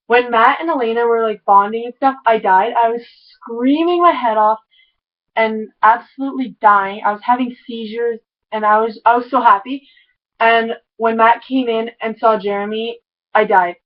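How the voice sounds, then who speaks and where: A woman giving an excitable, rambling recap of a TV episode, full of "like" and tangents. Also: fairly high pitch, moderate pace, lo-fi sound. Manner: excitable, rambling, heavy use of "like". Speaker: TV episode reviewer. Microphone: camera mic.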